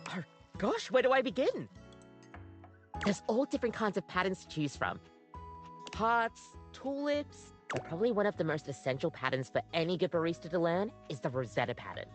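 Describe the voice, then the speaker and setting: A woman's voice: fairly low pitch, lively intonation, moderate pace, faint music behind, close to an everyday voice. A woman voicing a bubbly Australian barista coffee machine. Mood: chirpy. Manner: bubbly, a bit awkward. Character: cheerful, awkward female coffee-machine barista.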